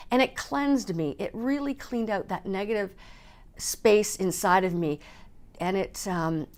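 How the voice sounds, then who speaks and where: A woman in a personal vlog, speaking candidly and emotionally, and swearing casually. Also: medium pitch. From Canada. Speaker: speaker and coach.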